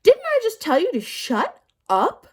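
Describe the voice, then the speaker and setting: A woman voicing a temperamental female schoolteacher in a children's audiobook, high and sharp, swinging from snapping to sweetly apologetic. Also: sing-song, moderate pace. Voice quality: high, sharp and shouty when angry.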